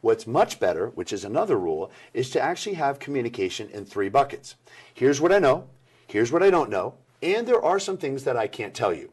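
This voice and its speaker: A middle-aged man giving energetic interview answers about workplace communication, acting out the people he quotes. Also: medium pitch, fairly quick, breathy edge. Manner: animated, acts out quoted people.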